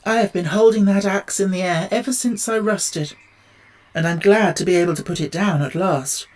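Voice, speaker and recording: A man voicing a polite, sad and grateful man made of tin, speaking slowly and pleadingly. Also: high-pitched, pitched above the performer's own voice, natural voice.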